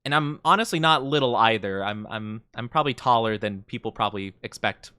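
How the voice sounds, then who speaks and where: A man's voice: mid-range voice, fairly quick, pushed and bright, smooth, no room sound. A young man streaming, chatting casually and reading chat aloud in a playful, mock-offended way with lots of fillers.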